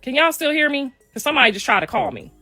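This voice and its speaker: Emphatic middle-aged woman with a bright voice. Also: high-pitched, expressive, rapid-fire, no room sound, faint music behind. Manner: emphatic, repeats phrases. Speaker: mother speaking on a livestream. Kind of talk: casual rant.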